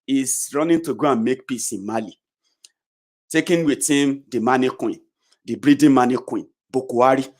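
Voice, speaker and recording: A middle-aged Nigerian man with a Nigerian accent delivering a heated, confrontational political rant, swinging between shouts and low mutters. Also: normal speed. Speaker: political commentator.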